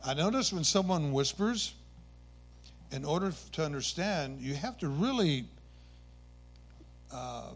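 A man preaching a sermon, retelling scripture stories with earnest emphasis and occasional self-corrections. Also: a little high.

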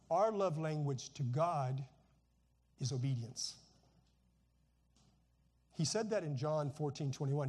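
A man's voice: a little high, a little mellow, husky. A middle-aged man preaching a conversational sermon while seated, dropping frequent "you know" asides and repeating a phrase again and again for emphasis. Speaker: pastor.

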